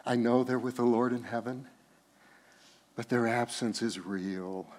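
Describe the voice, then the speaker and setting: A pastor with a mid-range voice and fairly even intonation preaches a sermon. He shifts from slow, hushed, tender passages to loud, emphatic bursts full of laughter.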